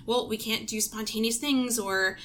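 A woman's voice: on the high side, steady tone, normal speed, fairly bright tone, a little hiss or hum. A young woman co-hosting a podcast, talking candidly and with emphasis about her dating views. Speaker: podcast co-host. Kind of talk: casual chat.

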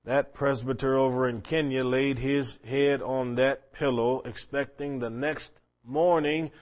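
A man preaching a sermon, telling a long story and quoting scripture, dropping to a hush and rising again. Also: mid-range voice, steady tone, measured pace. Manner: storytelling preacher, quoting scripture, swinging between hushed and raised.

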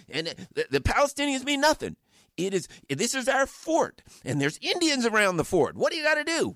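A man's voice: medium pitch, a bit bright, dry recording, clean studio sound. A middle-aged man giving fiery, angry political commentary, full of rhetorical questions and mocking quoted voices. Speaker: radio guest commentator.

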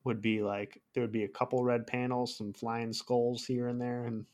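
A man's voice: mid-range voice, normal speed. A man co-hosting a podcast, chatting casually about a novel and reading passages aloud. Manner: relaxed, reads passages aloud with laughs. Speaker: podcast co-host. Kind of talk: casual book club chat.

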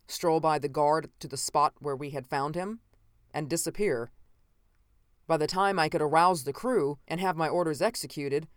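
A narrator reading a first-person science fiction story in a measured, dramatic way. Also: medium pitch, clean tone, no room sound, studio quality. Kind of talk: scripted audiobook narration.

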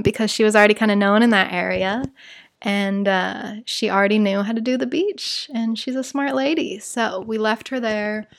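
An American woman hosting a podcast, telling a personal story in a rambling, chatty way, full of "like" and "you guys". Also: medium pitch. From United States. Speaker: podcast host.

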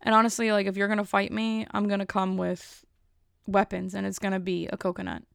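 A woman's voice: medium pitch, little pitch movement, fairly quick, vocal fry, clean tone, dry recording, clean studio sound. A young woman hosting a podcast alone, telling a rambling casual story full of fillers. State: a bit out of breath. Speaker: podcast host. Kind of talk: casual solo podcast chat.

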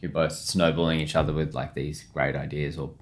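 Laid-back man, deep voice. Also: little pitch movement, brisk. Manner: laid-back, rambling, lots of "like", laughs often. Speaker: chef, podcast guest. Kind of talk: casual interview chat.

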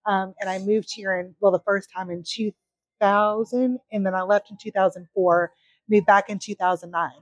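A woman's voice: mid-range voice, fairly even intonation, moderate pace, dry recording. A woman from North Carolina, hosting a podcast in chatty, enthusiastic casual conversation. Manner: chatty, enthusiastic, frequent "like" and "you know". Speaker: podcast host. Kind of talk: casual interview chat.

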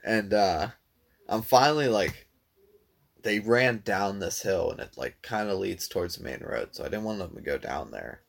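A man's voice: low-pitched, lively intonation, moderate pace, creaky. A man casually telling a long story to a friend, laid-back, swearing freely and filling his talk with "dude" and "like".

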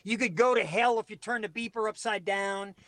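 A man in his forties telling a story in casual chat, animated and profane, laughing as he goes. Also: high-pitched, brisk, no echo. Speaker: podcast guest storyteller.

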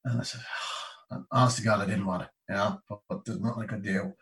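An Irish man in his fifties, a guest telling a lively story in a casual way and acting out the people he quotes. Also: on the low side, fairly quick, recorded from a distance, rough recording. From Ireland. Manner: lively anecdote-telling, acts out the people he quotes, many "you know"s.

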